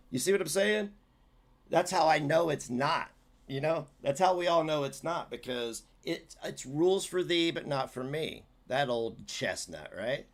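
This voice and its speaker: A man's voice: a little high, moderate pace. A man hosting a livestream, giving heated, sarcastic, profane commentary as he reacts to clips.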